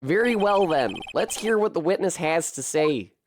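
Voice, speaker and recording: A woman voicing a cheerful, easily flattered old male judge in a bright, fawning tone. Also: on the low side, normal speed, faint music behind, close to an everyday voice. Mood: pompous.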